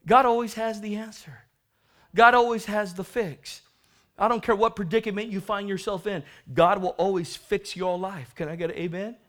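A man preaching a sermon to his congregation, swinging from hushed asides to loud, stretched-out shouts as he acts out the Bible story. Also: sits high, steady tone, moderate pace.

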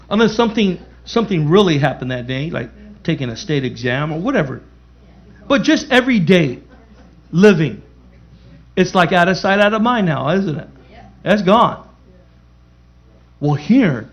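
A man's voice: fairly high pitch, animated, normal speed, pauses often, dull audio. A man preaching a sermon as pastor, emphatic, repeating key phrases and calling out to the congregation.

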